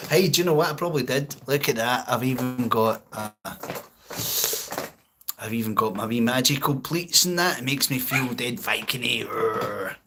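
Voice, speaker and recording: A man's voice: mid-range voice, moderate pace, background noise. A Scottish man hosting a casual livestream, rambling and chuckling as he answers viewer comments. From Scotland. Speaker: livestream host.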